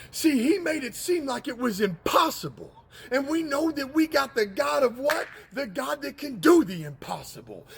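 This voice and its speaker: A man preaching a casual street-style sermon in slang, retelling a scripture story and shouting for emphasis. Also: very high-pitched, vocal fry.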